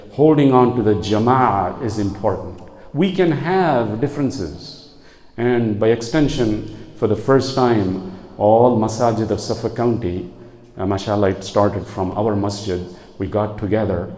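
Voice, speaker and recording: A man's voice: lowish voice, dark tone. A man giving an impassioned sermon that explains the Quran, with recited Arabic verses between his own words. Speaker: imam giving Quran commentary. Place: large mosque prayer hall. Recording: echoey mosque hall.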